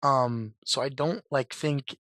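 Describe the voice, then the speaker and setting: A young man with a hoarse voice talks through his ideas in loose, rambling fan commentary, full of "like" and half-started sentences. His pitch sits in an ordinary middle range, and the sound is dry and close, with no room around it. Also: slow, fairly bright tone, no echo. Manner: rambling, lots of "like" and restarts, slangy. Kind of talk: casual commentary.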